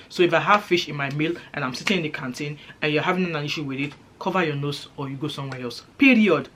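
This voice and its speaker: A woman's voice: low-pitched, fairly bright tone. A woman from Nigeria with a Nigerian accent, talking to camera in an emphatic, indignant opinion rant as a vlogger. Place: living in Britain for years.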